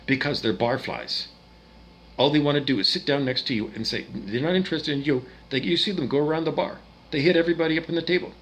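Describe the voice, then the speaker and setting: A man from Canada ranting angrily, swearing often and swinging between loud outbursts and quieter muttering. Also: a little high, fairly quick, a little hiss or hum, poor audio. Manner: profane, agitated ranting with swings in loudness. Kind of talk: angry rant monologue.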